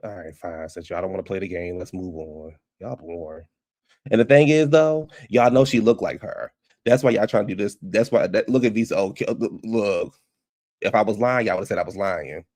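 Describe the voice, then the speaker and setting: A man's voice: fairly low pitch, normal speed, darkish tone, no echo. A man giving a sassy, gossipy casual recap of a reality show, talking straight to his viewers.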